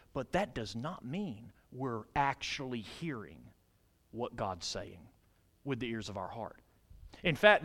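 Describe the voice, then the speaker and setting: A male pastor preaching in a church, his voice sitting high and swinging widely in pitch. He climbs to emphatic peaks, then sinks low and quiet, and keeps putting questions to the congregation. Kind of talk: sermon.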